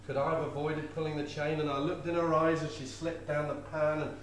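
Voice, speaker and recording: A man's voice: fairly high pitch, little pitch movement, a little fast, far from the mic, background noise. A man, performing comic poetry live with a rhythmic, playful delivery. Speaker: poet. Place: live venue before an audience. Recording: echoey room with faint ambience.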